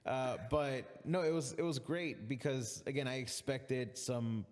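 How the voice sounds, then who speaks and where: A man's voice: mid-range voice, measured pace. A man hosting a podcast, chatting casually about wrestling in a joking, laid-back way with plenty of fillers. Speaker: podcast host. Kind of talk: casual chat. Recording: long reverb in the room.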